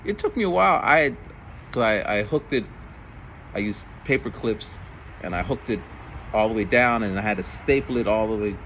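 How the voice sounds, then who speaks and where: A man in his forties, a middle school teacher, telling stories from his week in a casual, animated way. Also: moderate pace, a little hiss or hum. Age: 40s. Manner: animated, jumps into high voices for quoted kids. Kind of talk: casual storytelling vlog.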